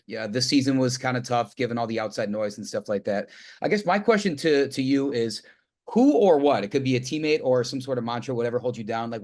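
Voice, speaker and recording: A man speaking quickly as a sports reporter at a press conference. His question wanders in loose, casual phrasing. He sounds relaxed and informal. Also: medium pitch.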